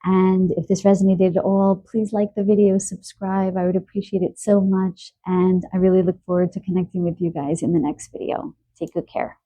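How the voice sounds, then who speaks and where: A woman giving a spoken tarot card reading, a little stuffy from allergies and clearing her throat, talking softly and earnestly with emotion. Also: on the low side, flat delivery, moderate pace, few pauses. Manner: soft, earnest, emotional about animals.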